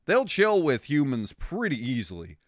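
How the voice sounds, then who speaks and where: A young man chatting with his stream in a loose, rambling way, swearing and getting excited over odd facts. His pitch swings up and down a lot. The sound is dry and close, with no room around it. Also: moderate pace, no echo. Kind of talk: casual chat with stream viewers.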